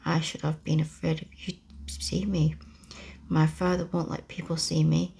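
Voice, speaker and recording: A woman voicing a sad, sickly young boy, plaintive and hushed, in a whispered role-play. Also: deep voice, little pitch movement, normal speed, gravelly, breathy edge, heavily acted.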